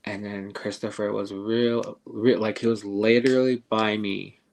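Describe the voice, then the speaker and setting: Low gravelly older man telling a story. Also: little pitch movement, darkish tone. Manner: halting, with many fillers and restarts. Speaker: podcast guest storyteller. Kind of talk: casual spoken ghost story.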